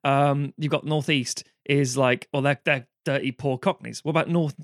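A man's voice: medium pitch, fairly even intonation, normal speed, no room sound. Sweary man ranting, dry sound. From London, England. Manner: ranting and sweary, acting out quoted people. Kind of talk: casual chat.

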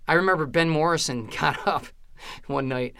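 Bright, lively male comic telling stories. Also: on the high side, moderate pace, vocal fry, clear, resonant tone, no echo, studio quality. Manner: animated, rambling anecdotes with frequent "right?" and "you know". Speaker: stand-up comedian and former comedy booker. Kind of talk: casual storytelling in an interview.

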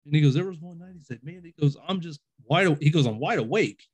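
Man, somewhat high voice, chatty skeptic spinning long, winding ghost anecdotes. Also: animated, fast talker, a little mellow, husky. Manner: rambling storyteller, acts out quoted dialogue; self-described skeptic and overthinker. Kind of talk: casual conversation.

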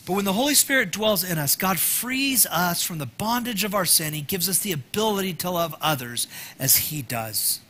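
Male pastor, sermon, bright tone, slightly higher voice, chatty with jokes, loud then hushed. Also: animated, moderate pace, slight background noise. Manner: conversational, joking asides to the congregation; dynamic, swings between loud emphasis and soft near-whispers.

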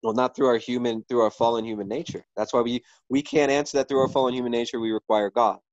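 A man's voice: mid-range voice, steady tone, fast, dry recording, lo-fi sound. A man in a casual debate, arguing earnestly about faith and society, often restarting and checking in with "right?".

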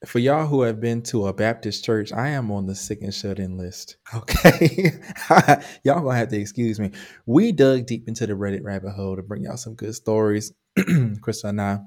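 A man co-hosting a podcast, slightly hoarse from a cold, talking. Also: lowish voice, normal speed, a little mellow. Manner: playful, preacher-like flourishes. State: hoarse, under the weather. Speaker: podcast co-host. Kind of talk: casual chat.

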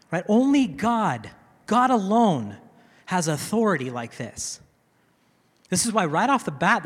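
Male teaching pastor, slightly high and husky, chatty sermon delivery, long hall reverb. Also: a bit bright. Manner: conversational teaching, often asking "right?". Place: church hall with a congregation.

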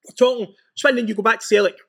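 Higher-voiced Scottish podcast host. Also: male voice, fairly even intonation, quick pace, pushed and bright. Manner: emphatic, repeats points. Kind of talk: casual interview chat.

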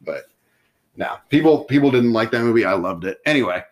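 A man's voice: medium pitch, expressive, fairly quick. A man co-hosting a podcast in casual chat, talking loosely and enthusiastically with lots of fillers. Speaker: podcast co-host.

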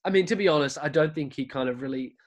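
A man's voice: on the high side, quick pace. An Australian man chatting as a podcast guest, telling a story in a loose, rambling way with many fillers and restarts. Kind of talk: casual conversational storytelling.

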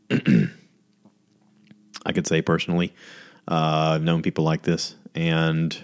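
In a casual podcast monologue, a host with a very low, smooth voice talks slowly with completely flat delivery, wandering from one story to the next. He switches to high, goofy voices whenever he quotes someone.

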